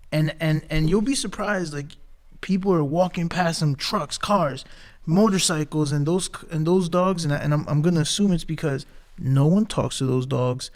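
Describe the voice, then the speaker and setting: Casual higher-voiced male podcast host. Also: measured pace. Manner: casual, loose phrasing with many restarts.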